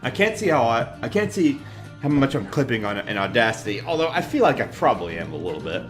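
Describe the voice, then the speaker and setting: A man's voice: medium pitch, very animated, fast talker, music in the background. A young man giving casual game commentary at a home desk mic, with offhand, joking asides. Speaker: let's play host.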